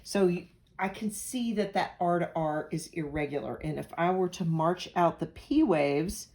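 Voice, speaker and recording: Low-voiced woman teaching a lecture. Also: normal speed, darkish tone. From Pennsylvania. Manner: conversational, explains with analogies and asides. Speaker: nursing instructor. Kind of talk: recorded lecture.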